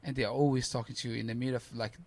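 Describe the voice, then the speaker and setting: Gravelly man telling a story animatedly. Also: mid-range voice, rapid-fire. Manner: animated storytelling, acting out voices, broken English. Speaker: podcast guest, ultrarunner. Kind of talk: casual interview chat.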